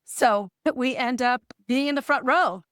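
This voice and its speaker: A lively woman guest recounting her past and acting out the voices as she goes. Her voice sits a bit high. The sound is dry and close. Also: a little slow, clean tone, no echo. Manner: animated storyteller who acts out dialogue and laughs. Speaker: podcast guest. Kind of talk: storytelling interview.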